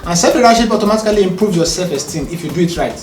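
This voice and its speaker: High-voiced man talking earnestly. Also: racing. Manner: calm, earnest, explaining with rhetorical checks. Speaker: podcast co-host and husband. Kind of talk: casual conversation. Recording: roomy, distant mic, faint music.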